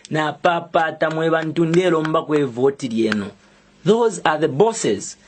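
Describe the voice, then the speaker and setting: A young adult Zambian man with a Zambian accent, speaking as an activist in a public video statement, in a deliberate and emphatic way with pointed pauses. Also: a little high, slightly rough.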